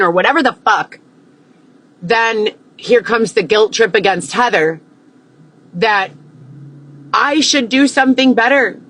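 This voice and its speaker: A woman's voice: mid-range voice, fairly bright tone, low-quality recording. A woman on a phone livestream, ranting to viewers in an agitated way, swearing often and firing off rhetorical questions. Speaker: livestream host. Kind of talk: unscripted rant to viewers.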